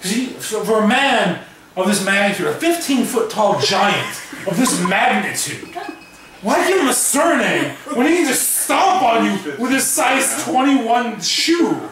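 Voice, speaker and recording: A man spins an improvised comic tall tale, rambling, swearing and laughing as he goes, leaning heavily on filler words. His voice sits high for a man. It reaches the mic from across a very echoey room, with a crowd murmuring behind him. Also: big pitch swings, unhurried. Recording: very echoey, distant, crowd noise.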